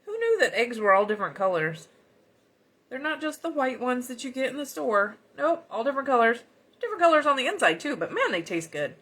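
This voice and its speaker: A woman's voice: sits high, sing-song, brisk, a bit bright, breathy edge. A woman with a Southern US accent, chatting in a folksy way as she demonstrates card-making live. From United States. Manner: chatty, folksy, talks while working. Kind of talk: casual live crafting chat.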